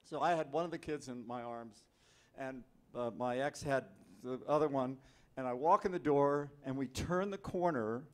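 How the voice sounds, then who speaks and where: A man telling a lively anecdote as an actor on a convention panel, speaking into a handheld mic. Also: medium pitch, moderate pace. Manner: lively, animated storyteller. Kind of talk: storytelling anecdote. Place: convention hall.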